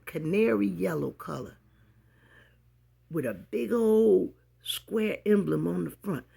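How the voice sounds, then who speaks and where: A woman telling a funny childhood story to her viewers in an animated, casual way, talking straight to the audience. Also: fairly low pitch, vocal fry, breathy edge.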